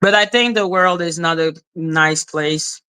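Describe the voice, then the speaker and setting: A woman's voice: on the low side, unhurried, pushed and bright, smooth. A woman giving casual reaction commentary as a YouTuber, blunt and profane as she talks back at clips.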